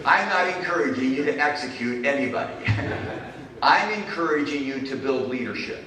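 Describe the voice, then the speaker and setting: A middle-aged business professor delivers a conference keynote in a large hall, using punchy short phrases and dry humor. His mid-range voice is bright and forceful with lively intonation at normal speed. The sound is echoey, from a distant mic, with faint noise.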